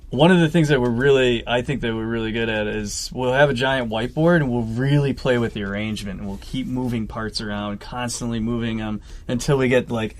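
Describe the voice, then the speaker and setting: Earnest man explaining his band's process. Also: medium pitch. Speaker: band member, guest. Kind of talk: casual interview.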